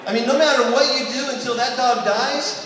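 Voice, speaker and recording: A man doing a stand-up routine, telling a long family story and dropping to a soft hush for quoted lines. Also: very high-pitched, a little fast, a loud crowd, very noisy. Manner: storytelling, drops to a soft hush for quoted prayers and bedtime talk. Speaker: stand-up comedian. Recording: echoey hall from far off.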